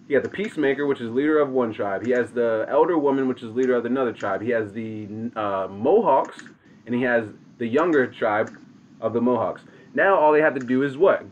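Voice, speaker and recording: A man retells a story in loose, animated street slang, pulling his listeners along. His voice sits at an everyday pitch. A faint hiss runs underneath. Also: muffled recording. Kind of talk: casual oral storytelling.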